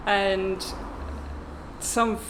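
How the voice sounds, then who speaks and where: A woman's voice: mid-range voice, flat delivery, drawn-out words, slight background noise. A young woman, a travel vlogger chatting casually to camera in a rented apartment, rambling and wry.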